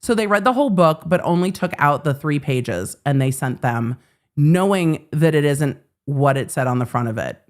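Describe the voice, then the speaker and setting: A woman hosting a live legal commentary stream, telling a story in a casual, animated way and acting out the lines she quotes. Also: low-pitched, moderate pace.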